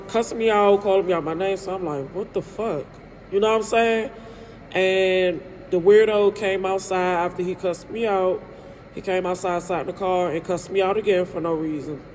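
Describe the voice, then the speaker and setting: A woman's voice: fairly low pitch, darkish tone, a little hiss or hum. A woman in her thirties telling a candid, emotional storytime vlog about her own life, rambling and often checking in with her listeners. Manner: candid, rambling, frequent "you know what I'm saying"; emotional and hurt.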